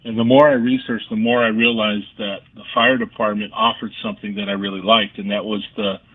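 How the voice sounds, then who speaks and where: Heard over a phone-like radio line, this interview guest from California is a former ballplayer who became a firefighter. His lowish, slightly rough voice stays level and fairly quick while he animatedly recounts stories, voicing the people in them.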